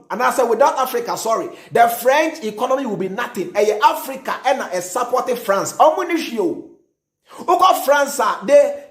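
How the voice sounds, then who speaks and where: A Ghanaian man, a prophet, giving fiery, emphatic commentary and mixing English with Twi, repeating his points for stress. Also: very high voice. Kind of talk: impassioned commentary. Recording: roomy echo.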